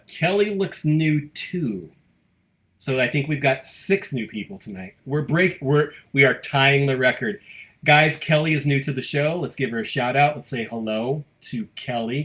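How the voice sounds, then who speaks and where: American man, live stream host, fast-talking, upbeat, mid-pitched voice. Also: a bit bright. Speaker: host of a local live show. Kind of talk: casual live-stream chat, reading viewer comments.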